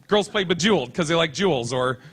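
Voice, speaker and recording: A male stand-up comedian with a high, bright, ringing voice. He works the crowd with a crude, punchy, brash delivery from a convention stage. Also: expressive, fast talker, husky.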